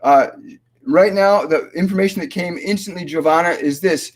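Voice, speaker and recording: A man hosting a live-stream spiritual Q&A as a medium, speaking slowly and in a measured way, often halting with fillers and restarts. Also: high-pitched. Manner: slow, measured delivery when relaying messages.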